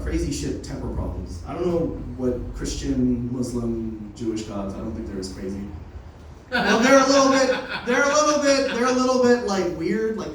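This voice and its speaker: On the high side, this young comic's voice carries through an echoey open mic room, picked up from far away with a little background noise. His set is unrehearsed and loose, built on profane, laugh-filled stories.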